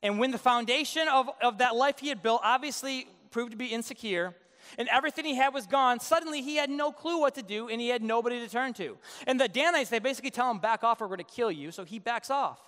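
A man's voice: very high voice, fast talker, sharp tone, long reverb tail. A male pastor preaching a sermon in a casual, joking way, acting out the quotes in his story. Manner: conversational, joking, acts out quotes.

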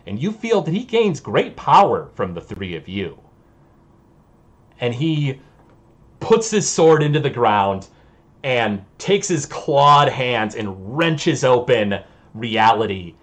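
A husky man narrates a tabletop adventure as game master. He talks slowly and deliberately, with an animated pitch that rises and falls, pausing to find his words. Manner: slow, deliberate, searching for words.

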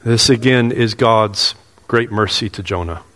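A man's voice: on the low side, unhurried, a bit bright. A pastor preaching a sermon in earnest, repeating his phrases and asking the congregation questions. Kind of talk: expository sermon. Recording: long hall reverb.

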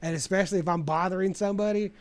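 A man's voice: high voice, fairly even intonation, racing. A man telling rowdy stories in casual chat, cursing and laughing often. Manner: loud, profane storyteller who laughs a lot. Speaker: podcast guest.

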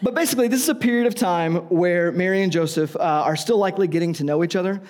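A man's voice: high voice, quick pace, a little mellow. A man preaching a sermon in a conversational, joking way, often asking the audience questions.

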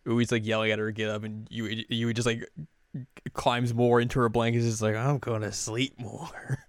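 A man's voice: medium pitch, monotone, a little fast, clean tone, no echo, clean studio sound. A man hosting a podcast, chatting through an episode recap with fillers and laughs. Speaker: podcast host.

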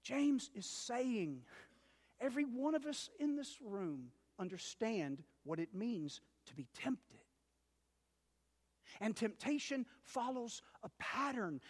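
A male pastor preaching a sermon, telling a story dramatically with big swings between loud and hushed. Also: very high voice, sing-song, slow pace. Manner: addresses listeners as "dear ones". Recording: long reverb of a large hall.

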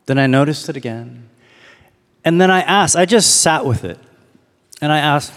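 A man preaching a sermon as pastor, reflective, slowing down to read and linger on lines. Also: a little high, fairly bright tone, big-room sound.

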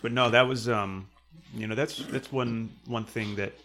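A young man telling stories in casual conversation, rambling with many fillers and acting out quotes loudly. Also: mid-range voice, steady tone, measured pace.

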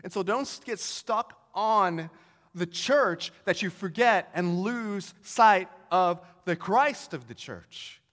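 Man, casual testimony, earnest and rambling, slightly high voice in a reverberant space. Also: expressive, slow pace, a bit bright. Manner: earnest, rambling, many fillers and restarts. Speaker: storyteller sharing a testimony.

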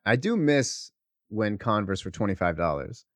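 A man co-hosting a podcast, telling stories in a casual, animated, profane way. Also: fairly low pitch, moderate pace, no echo, clean studio sound. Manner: profane, animated storytelling with laughs. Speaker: podcast co-host. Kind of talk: casual chat, storytelling.

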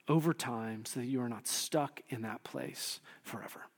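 A man preaching a sermon in a conversational, animated way, often dropping or raising his voice to act out quotes. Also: medium pitch, normal speed, creaky, in a large hall. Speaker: pastor.

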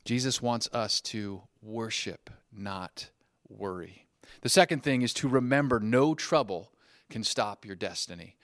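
A male pastor preaching a sermon in a church, telling stories with lively acted-out dialogue. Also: fairly low pitch, measured pace, no echo, clean studio sound. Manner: animated storyteller who acts out dialogue.

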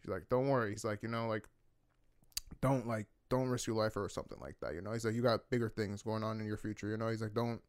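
A man's voice: lowish voice, steady tone, quick pace, clean tone, no echo, studio quality. A young man on a podcast telling a story in casual chat, rambling and slangy with heavy swearing. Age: young adult. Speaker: podcast co-host.

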